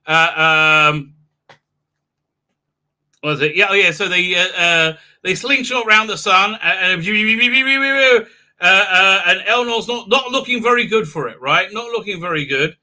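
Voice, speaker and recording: A man's voice: sits high, animated, unhurried, bright, forceful tone. A man hosting a live stream, recapping a TV episode with mocking humor, acting out scenes with silly voices and sound effects, with many hesitant fillers.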